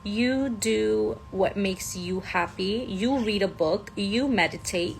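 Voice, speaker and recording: Woman, gravelly fry, instructive advice vlog, faint room noise. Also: medium pitch, takes it slowly, rough recording. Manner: instructive, repetitive emphasis. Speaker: dating advice vlogger.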